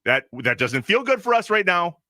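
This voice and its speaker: A man co-hosting a sports radio show, ranting in quick bursts in a casual talk style. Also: high voice, sing-song, sharp tone, no room sound, clean studio sound. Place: radio studio. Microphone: studio microphone.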